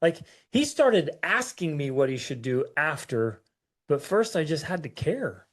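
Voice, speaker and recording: A man's voice: a little high, big pitch swings. Emotional man telling a parenting story. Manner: halting, with many restarts and repeated words. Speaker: parenting show co-host.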